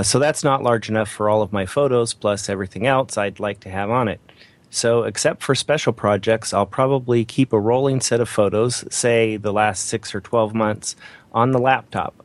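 A man with a fairly low voice reads a listener's question aloud on a podcast panel, in a steady, plain delivery. The sound is dry and close, with no room echo.

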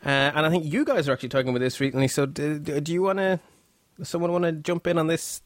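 A man's voice: fairly high pitch, fast talker, no echo, studio quality. A man hosting a photography podcast in a chatty, self-deprecating way, often restarting his sentences. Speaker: podcast host. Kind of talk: casual podcast chat.

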